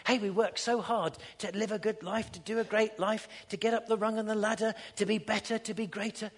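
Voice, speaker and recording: A man preaching a sermon, swinging between loud ringing peaks and hushed low passages. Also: fairly even intonation, brisk, long reverb tail. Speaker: pastor. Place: church.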